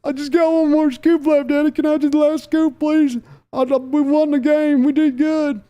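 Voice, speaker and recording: A man's voice: very high voice, level tone, moderate pace, mellow, pitched above the performer's own voice. A man voicing a meek grown son and team manager who whines and pleads with his father. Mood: whiny. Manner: whiny, pleading, childish.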